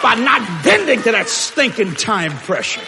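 A man preaching a storytelling sermon, animated, moving between quiet low narration and shouted exclamations. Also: measured pace, a crowd in the background. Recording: long reverb of a large hall.

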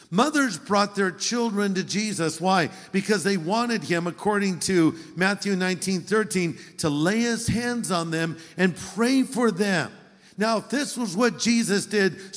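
Preacher man in a reverberant hall. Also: fairly high pitch. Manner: storytelling, shifts between loud emphasis and quiet asides. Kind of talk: sermon.

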